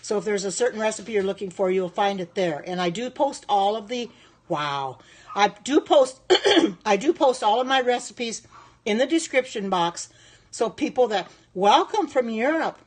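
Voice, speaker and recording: A woman's voice: medium pitch, animated, moderate pace. A woman in her sixties chatting on a live stream as a home cook, reacting aloud to viewer comments in a devout, thankful way. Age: 60s.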